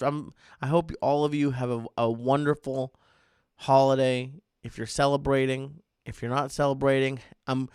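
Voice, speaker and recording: A man's voice: medium pitch, clean tone, no room sound, clean studio sound. A man in his thirties hosting a casual solo podcast, rambling with jokey, self-deprecating asides. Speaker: podcast host.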